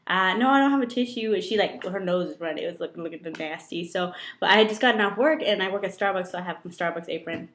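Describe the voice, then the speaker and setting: A woman's voice: fairly low pitch, fast, few pauses. Giggly young woman telling a rambling story. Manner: giggly, rambling, full of fillers. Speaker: co-host. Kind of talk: casual chat and storytelling. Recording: roomy echo.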